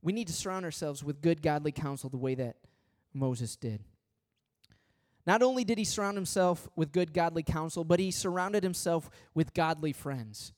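A middle-aged pastor delivers a conversational sermon to his congregation. He speaks emphatically, hammering points through repetition and personal stories. His voice sits a little higher than most men's. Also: darkish tone. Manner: emphatic, repetitive, anecdotal, talks straight to the congregation.

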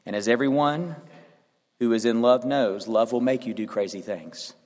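A man's voice: medium pitch, moderate pace, a little mellow. A man preaching a sermon and reading scripture aloud, earnest and rising to emphatic peaks. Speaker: pastor. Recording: long hall reverb.

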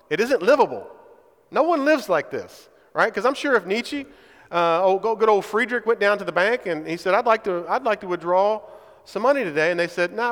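A man's voice: a little high, a bit bright. A man preaching a sermon in a church, speaking emphatically and often checking in with his listeners by asking "right?". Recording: reverberant hall.

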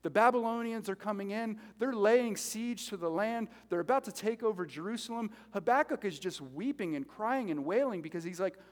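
A man preaching a sermon as pastor, animated and conversational, joking with the congregation between points. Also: high-pitched, fairly quick, hardly any pauses. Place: church sanctuary. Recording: reverberant hall.

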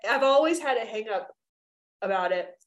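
A woman's voice: on the high side, animated, moderate pace. A woman co-hosting a podcast in casual chat, talking in loose run-on sentences full of "like" and acting out the voices she quotes. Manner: chatty, filler-heavy, acts out quoted voices. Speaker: podcast co-host.

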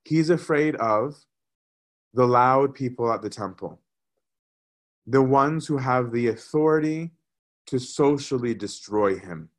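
A man giving a conversational sermon as a priest, often repeating words as he gathers his thoughts. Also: medium pitch.

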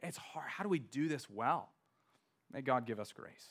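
A man preaching a sermon as pastor, emphatic, slowing down to stress key words. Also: mid-range voice, lively intonation.

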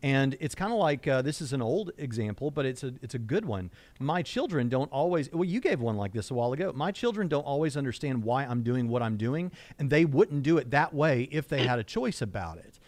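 A middle-aged man from Southwest Indiana speaks, in a dry, close recording. He co-hosts a casual discussion at a medium pitch and gets animated when he quotes others. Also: brisk, few pauses, no room sound. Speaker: co-host.

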